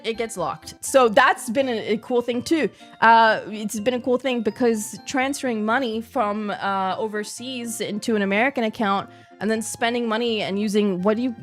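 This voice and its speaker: Lively New Zealand woman streamer. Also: a little high. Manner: animated storytelling, laughs often, slangy. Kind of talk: casual chat.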